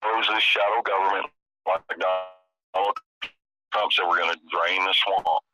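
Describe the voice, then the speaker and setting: A man's voice: low-pitched, steady tone, moderate pace, bright, forceful tone, poor audio. An older man, a radio show guest, giving impassioned testimony with emphatic, repeated phrases.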